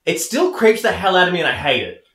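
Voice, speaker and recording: A man's voice: high-pitched, big pitch swings, fast talker, gravelly, sharp tone. A man co-hosting a podcast, ranting with exasperation in casual chat. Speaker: podcast co-host. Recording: echoey room.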